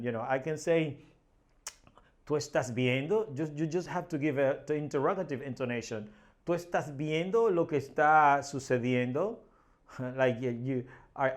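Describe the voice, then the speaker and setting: A man's voice: mid-range voice, a little mellow. A man, a Spanish native speaker, teaching a language lesson in English, explaining step by step and often repeating words and checking with "right?".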